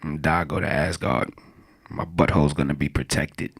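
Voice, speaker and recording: A young man works through a stand-up set in a deep, low register with a gravelly edge. His delivery is crude and rambling, and he often breaks into laughter at his own jokes. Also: normal speed, a bit bright. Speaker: stand-up comedian.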